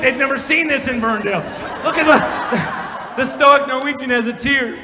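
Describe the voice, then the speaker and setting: A man from Minnesota giving a keynote speech at a conference, telling a story dramatically, with shouted punchlines and hushed quiet lines. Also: very high voice, normal speed, crowd noise. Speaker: keynote speaker. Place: large conference hall. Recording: long hall reverb, faint room noise.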